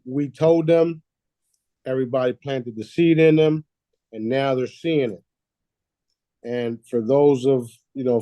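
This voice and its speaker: A man's voice: medium pitch, warm tone, no room sound. A man hosting a casual talk, boastful and preachy, swearing freely and laughing at his own lines. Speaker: host.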